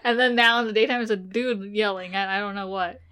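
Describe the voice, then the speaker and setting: Bright-voiced, giggly young woman. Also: mid-range voice, steady tone, brisk, clean tone. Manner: giggly, acts out silly voices. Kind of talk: casual chat.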